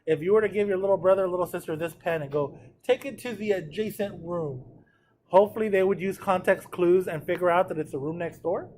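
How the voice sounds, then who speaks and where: In this classroom lecture, a male math teacher covers trigonometry, frequently checking on his students and drilling pronunciation by asking the class to repeat terms. He talks quickly with few pauses in a high, darkish voice of fairly even intonation, and a little hiss or hum can be heard.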